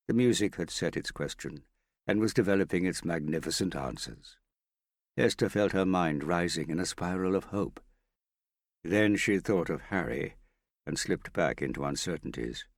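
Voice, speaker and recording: A man reading a novel aloud as narrator, in a measured, even storytelling manner. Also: low voice, no echo, studio quality. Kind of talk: audiobook narration.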